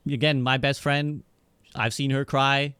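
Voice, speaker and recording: Guy on a podcast talking it through, smooth clear voice, dry close sound. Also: medium pitch, level tone, fairly bright tone, dry recording. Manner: measured, reasoning aloud, frequent "right?". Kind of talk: casual debate.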